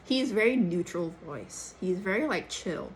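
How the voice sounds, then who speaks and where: A young woman from Singapore with a Cantonese-tinged, third-culture Singaporean English accent, talking in a chatty, animated casual way. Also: on the low side, measured pace, a little hiss or hum, rough recording. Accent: Singaporean English with Cantonese influence, third culture. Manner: chatty, animated, frequent "like" and "lah". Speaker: actor. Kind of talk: casual chat.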